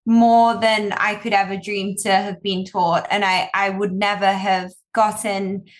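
Young woman rambling in an unhurried interview. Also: mid-range voice, flat delivery. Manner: rambling, full of fillers and restarts. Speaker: designer, guest. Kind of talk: casual interview chat.

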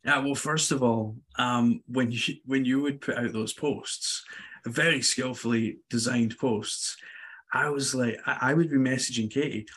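A man talking as a guest in a casual podcast interview, telling stories in an animated, self-deprecating way. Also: mid-range voice, measured pace, slightly rough.

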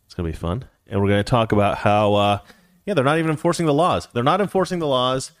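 A man's voice: medium pitch, quick pace, no room sound, studio quality. A man hosting a casual livestream commentary show, talking in a sarcastic, ranting way. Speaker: host.

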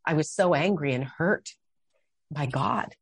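Earnest low-voiced middle-aged woman. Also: slightly rough, no echo. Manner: earnest, heartfelt, halting restarts. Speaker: podcast guest. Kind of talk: conversational interview.

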